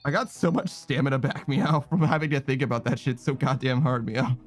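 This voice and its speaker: A man streaming a video game talks in a loose, casual way, cursing freely and reading viewer messages aloud. He keeps tacking a playful meow onto his phrases. Faint music plays quietly under his voice. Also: fairly quick. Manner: swearing, saying meow after phrases, reading chat aloud; frustrated outbursts in a raised, higher voice. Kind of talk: casual gaming stream commentary.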